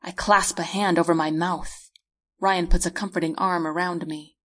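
A woman reading her own novel aloud as a measured first-person audiobook narration. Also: fairly low pitch, fairly even intonation. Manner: measured storytelling read.

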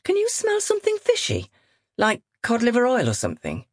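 A woman's voice: a little high, huge pitch swings, fairly quick, husky, no room sound, studio quality, pitched above the performer's own voice, heavily acted. A woman narrator voicing a tired, distracted young woman in an audiobook. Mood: wistful. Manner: quiet and distracted. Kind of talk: audiobook character reading.

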